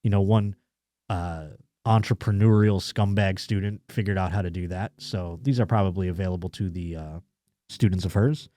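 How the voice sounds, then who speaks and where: Male podcast host, mellow tone, crude sarcastic riffing, dry close mic. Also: low-pitched, fairly even intonation, moderate pace, no room sound. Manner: crude, sarcastic riffing between read-out articles. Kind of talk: casual comedic chat reading news stories.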